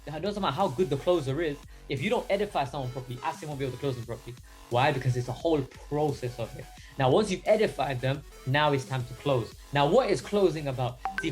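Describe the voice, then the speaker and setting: Energetic young man coaching a sales team. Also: a little high. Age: young adult. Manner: energetic, coaching, many fillers. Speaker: sales mentor. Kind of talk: casual training talk.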